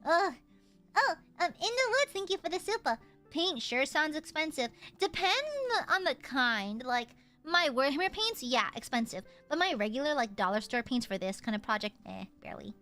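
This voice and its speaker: High, bright, playful woman. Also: lively intonation, normal speed, faint music behind. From United States. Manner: playful, teasing, goofy exaggeration. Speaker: streamer. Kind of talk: casual chat with viewers.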